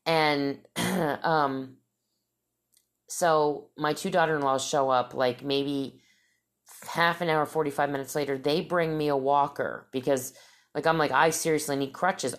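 Low-voiced middle-aged woman telling a rambling story. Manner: rambling, emphatic, with many restarts. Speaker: vlogger. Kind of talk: casual storytelling to viewers.

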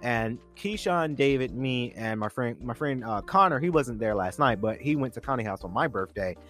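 A man's voice: medium pitch, animated, moderate pace, a bit bright, soft background music. A man co-hosting a podcast, chatting casually and enthusiastically in a review, often repeating words as he looks for the next one. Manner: enthusiastic, repeats words while reaching for them. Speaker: podcast co-host.

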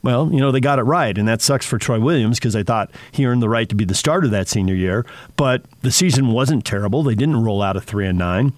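An opinionated man hosts a sports radio show and talks with animation. His pitch sits mid-range. The studio sound is dry and close. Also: brisk, hardly any pauses, dry recording. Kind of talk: casual sports radio chat.

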